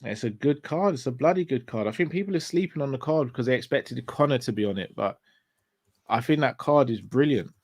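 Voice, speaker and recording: A man's voice: mid-range voice, animated, brisk, darkish tone, no room sound, studio quality. A man hosting a casual fight watchalong, chatty and upbeat, signing off like a show host. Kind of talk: casual fight commentary chat.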